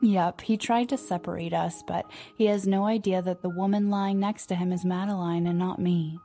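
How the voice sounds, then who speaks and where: A woman's voice: on the low side, steady tone, normal speed, mellow, faint music behind, lightly acted. A woman reading as an earnest young wife. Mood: cheerful. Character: young married woman, loyal daughter.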